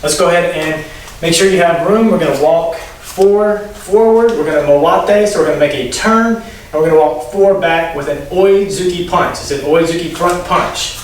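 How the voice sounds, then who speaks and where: Brief: male karate instructor, fairly high voice, recorded from afar in a very echoey room. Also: moderate pace, a little hiss or hum. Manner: instructive, calls Japanese counts rising sharply in pitch. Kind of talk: teaching a class, explaining and calling counts. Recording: very echoey room, distant mic.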